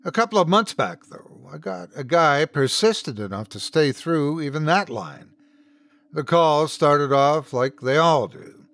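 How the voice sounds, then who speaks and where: A man hosting and narrating a scripted horror story in the first person, with lively shifts in tone. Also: a little high, measured pace, no room sound. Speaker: host and narrator.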